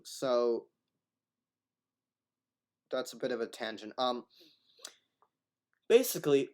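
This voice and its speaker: A man giving rambling video commentary, arguing a point and often restarting his words. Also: mid-range voice.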